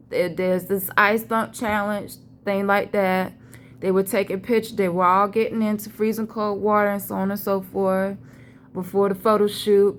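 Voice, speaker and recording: A woman's voice: medium pitch, a little hiss or hum. A woman vlogger, telling a rambling, profane, emphatic story about a vision. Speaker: spiritual vlogger. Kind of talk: casual storytelling monologue.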